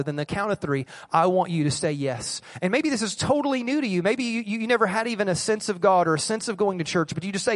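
A male pastor delivers a church sermon with a slightly high voice. He pleads earnestly and repeats key phrases for emphasis, speaking straight to the people in front of him. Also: fast talker, hardly any pauses, big-room sound. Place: church service.

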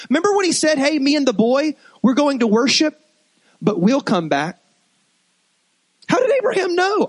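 A man with a high voice preaches to his congregation, animated and conversational, often stopping to restart a phrase. The sound is dry and close, with no room echo. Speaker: pastor. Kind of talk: sermon.

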